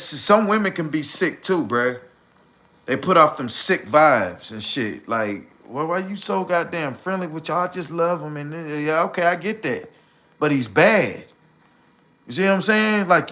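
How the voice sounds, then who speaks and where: Male livestream host, AAVE, blunt preachy delivery with heavy profanity; bright, fairly high voice. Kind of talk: casual livestream rant.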